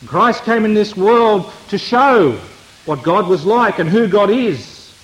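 A man preaching a sermon, repeating phrases for emphasis and swinging between loud appeals and hushed lines. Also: high-pitched, lively intonation, slow pace, rough recording.

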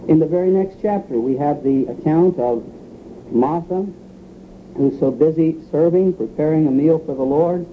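Preacher guy, bit high voice, earnest and emphatic, thin tinny radio sound w/ light hiss. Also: moderate pace. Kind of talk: sermon. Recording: tinny phone-like radio broadcast with faint hiss.

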